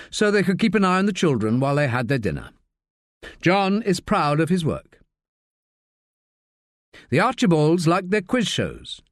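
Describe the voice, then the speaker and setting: A male audiobook narrator with a fairly high voice that moves expressively through a wide range. He tells the story in a measured way. The sound is close and dry. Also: dry recording.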